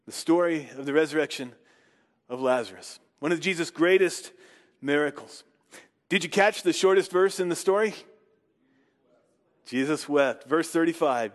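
Male preacher, fairly high pitch, dramatic pausing delivery, reverberant hall sound. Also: lively intonation. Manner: slow dramatic pauses, rising to emphatic questions. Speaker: pastor. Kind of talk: sermon with scripture reading.

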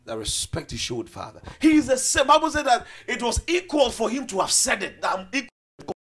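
A man preaching a sermon with passion, swinging between loud declarations and hushed low asides. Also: wildly swooping pitch, brisk.

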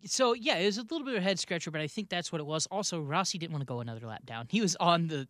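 A man's voice: fairly high pitch, lively intonation, racing, fairly bright tone, dry recording, clean studio sound. Chatty man co-hosting a podcast. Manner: chatty, laughs often, trails off and restarts. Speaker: podcast co-host. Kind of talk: casual chat.

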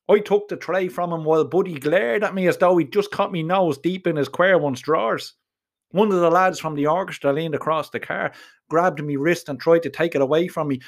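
Man, Dublin Irish accent, first-person audiobook narration, earthy slang, slightly high voice. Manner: salty, earthy storytelling with swearing and local slang.

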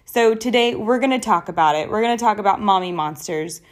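A young adult woman hosts her own podcast in an earnest, personal way. She talks conversationally, with a voice that sits in a middle pitch. Her delivery is that of a solo speaker addressing listeners directly. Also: fairly quick. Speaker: podcast host.

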